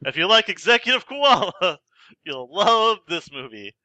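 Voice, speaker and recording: A man's voice: sits high, sing-song, unhurried, sharp tone, no room sound. A man hosting a casual movie podcast, joking and teasing his co-hosts. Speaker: podcast host. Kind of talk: casual movie-review chat.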